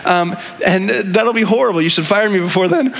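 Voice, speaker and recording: A man's voice: sits high, fairly quick, fairly bright tone. A male pastor giving a conversational sermon, earnest and often asking the congregation "right?". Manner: conversational, frequently asks "right?"; earnest, with repeated restarts.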